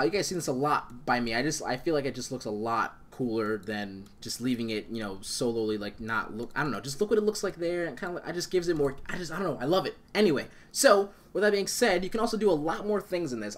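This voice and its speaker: A young man talks quickly through a casual software tutorial, his voice sitting a little high. He rambles with enthusiasm, piling up fillers and restarting his sentences as he works. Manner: rambling, enthusiastic, many fillers and self-corrections. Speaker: tutorial host.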